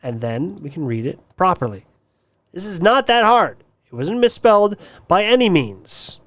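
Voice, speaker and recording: A man's voice: high voice, big pitch swings, moderate pace, fairly bright tone, no echo. A man hosting a livestream, ranting casually in a mocking, crude way and swearing often. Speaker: livestream host.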